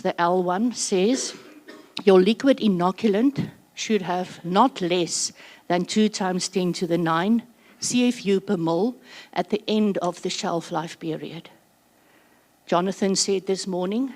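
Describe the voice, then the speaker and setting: A woman's voice: lowish voice, darkish tone. Breathless South African woman presenting. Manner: chatty, with quick joking asides. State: slightly out of breath. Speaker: workshop presenter. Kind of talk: conference presentation.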